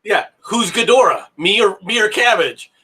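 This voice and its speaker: A man with a husky, slightly breathy voice chats in a loose, sarcastic way. His pitch swings a lot as he jokes and ribs his co-host. The tone is bright and pushy. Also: lively intonation, moderate pace. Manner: sarcastic, joking, breaks into bits and voices. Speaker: co-host on a livestream. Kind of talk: casual banter.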